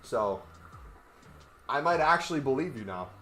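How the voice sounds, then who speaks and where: A man's voice: mid-range voice, sing-song, measured pace, pushed and bright, faint music behind. A man chatting casually on a gaming livestream, rambling and joking while he walks on a walking pad. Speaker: gaming streamer.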